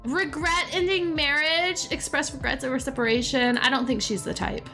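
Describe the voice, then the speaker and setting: A woman's voice: high voice, steady tone, moderate pace, sharp tone. A young woman giving casual let's-play commentary, chatting and exclaiming as she talks to her game characters. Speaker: gaming YouTuber. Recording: faint background music.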